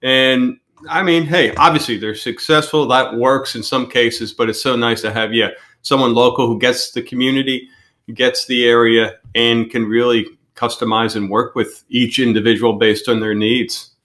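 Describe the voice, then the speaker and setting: A man's voice: medium pitch, steady tone, moderate pace, fairly bright tone. A man hosting a local business podcast, chatting casually and upbeat with his guest. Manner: upbeat, chatty, laughs easily. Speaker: podcast host. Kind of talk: casual interview chat.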